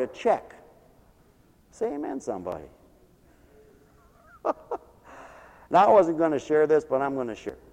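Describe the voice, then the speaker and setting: A man preaching a sermon in a church, swinging from loud to hushed. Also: a little high, in a large hall. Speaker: pastor.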